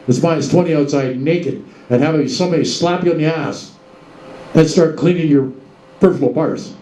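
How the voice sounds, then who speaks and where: Man, show host, casual monologue full of rhetorical questions, dark tone, echoey room with faint ambience. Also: on the high side, moderate pace. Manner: rhetorical questions, addresses folks directly.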